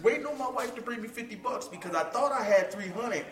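A man's voice: very high-pitched, fast talker, fairly bright tone, reverberant, distant mic. A man telling a story in casual talk, acting out the voices of the people in it, laughing often and swearing freely. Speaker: podcast guest, combat sports fighter.

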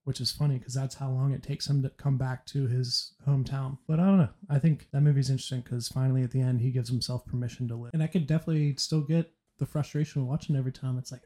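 A man hosting a podcast, chatting casually about movies and retelling scenes with animated laughter. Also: medium pitch, fast, few pauses. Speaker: podcast host.

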